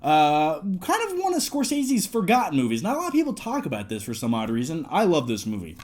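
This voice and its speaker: A man in his twenties talking casually to camera, reviewing his movie collection in a jokey, excitable way. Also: a little high, brisk. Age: 20s.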